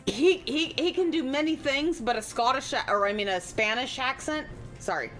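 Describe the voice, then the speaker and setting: A woman's voice: high-pitched, expressive, normal speed, a bit bright, faint music behind. A woman streaming a game live, chatting casually in a rambling way and swearing freely.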